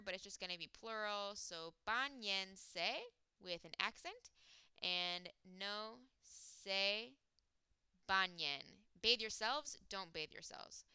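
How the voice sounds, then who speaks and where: Woman Spanish teacher, very bright and crisp delivery, patient step-by-step explanations, dry close recording. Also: medium pitch, no echo. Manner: explains step by step, with frequent "um" and "okay". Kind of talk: recorded classroom lesson.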